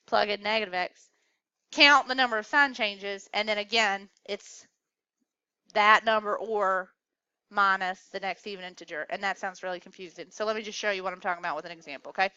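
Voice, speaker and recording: Bright, clear woman teaching math. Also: mid-range voice, no echo, lo-fi sound. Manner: coaxing, asks the class questions. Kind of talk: classroom lecture. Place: classroom.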